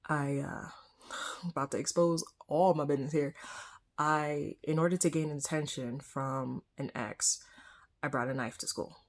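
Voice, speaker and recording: A young adult woman telling a candid personal story in a casual vlog, sometimes dropping to a soft whisper. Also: deep voice, fairly even intonation, a little slow. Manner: candid, conversational, frequent soft whispered asides. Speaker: vlogger.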